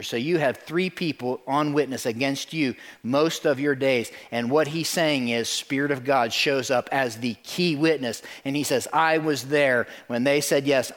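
A man delivers a sermon at an ordinary middle pitch. He speaks as a pastor to his congregation, animated and direct. He repeats words for emphasis and acts out the stories he tells. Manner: animated storytelling, acts out voices in quotes.

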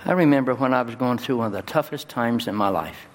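A male pastor delivering a sermon in a church, his voice jumping high and loud on key words. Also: quick pace, slight background noise. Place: church sanctuary. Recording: long hall reverb, faint ambience.

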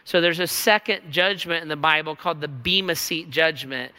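A man's voice: a little high, normal speed, hardly any pauses, sharp tone, smooth. A man preaching a sermon as pastor, earnest and emphatic, teaching from scripture. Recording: reverberant hall.

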